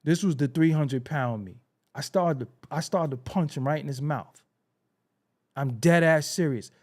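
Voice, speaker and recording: A podcast host from New York tells a story in his own words, slipping into the voices of the people in it. His voice sits a little high for a man. He talks casually and swears freely. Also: unhurried. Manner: animated, acts out quoted dialogue, swears freely.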